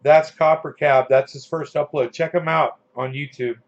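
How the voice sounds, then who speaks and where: Male vlog host, casual rambling chat, profane, filler-heavy, slightly high voice, muffled lo-fi recording. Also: fairly even intonation, normal speed. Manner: loose, profane, full of fillers. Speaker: channel host. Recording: dull lo-fi sound.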